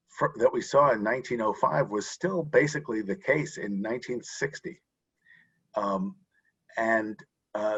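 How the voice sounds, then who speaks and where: A man's voice: on the low side, fairly bright tone, husky, lo-fi sound. A man speaking as a guest expert in an interview, explaining earnestly with frequent restarts over a video call. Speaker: guest expert on voting rights. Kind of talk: interview answer.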